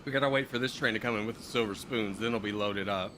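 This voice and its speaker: A man's voice: lowish voice, fast, a bit bright, slight background noise. A man casually commenting on his own gameplay while live streaming, muttering to himself as he builds and answering chat.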